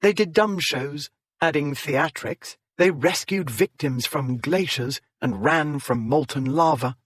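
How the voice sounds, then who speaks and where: Male audiobook narrator, historical romance, measured storytelling, voice on the higher side, dry close studio sound. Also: dry recording. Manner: measured storytelling, voicing characters with raised pitch. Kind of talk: scripted narration.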